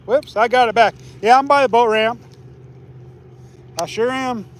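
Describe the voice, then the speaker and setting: Man with a high voice, easygoing rambling streamer, chatting to viewers while fishing outdoors. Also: measured pace. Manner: easygoing, rambling, restarts often. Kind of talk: casual live stream chat. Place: outdoors by a lake.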